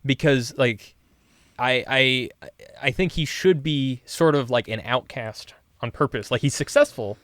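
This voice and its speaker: A man's voice: mid-range voice, unhurried, a bit bright, no echo, clean studio sound. Laid-back man in casual podcast chat. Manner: laid-back, rambling with fillers. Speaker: podcast co-host.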